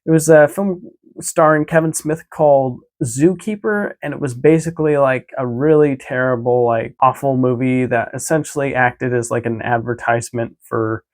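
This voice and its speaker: A man's voice: mid-range voice, steady tone, normal speed. A man vlogging a casual recap of his day, easygoing and chatty, rambling with lots of filler words and restarts.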